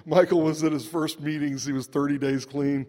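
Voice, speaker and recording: A man's voice: fairly high pitch, fairly even intonation, normal speed, dark tone. A man telling a humorous personal recovery story to a meeting, chuckling and asking "right?" as he goes. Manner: wry, chuckling, conversational with lots of "right?" asides. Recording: long echoing hall reverb.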